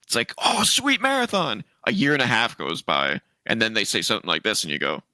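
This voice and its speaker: Canadian guy cohosting a games podcast, reads news out loud, laughs a lot, bright voice. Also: on the low side, quick pace, clean tone, no room sound. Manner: animated, laughs often, reads articles aloud. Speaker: podcast co-host. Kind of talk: casual gaming podcast chat, reading news aloud.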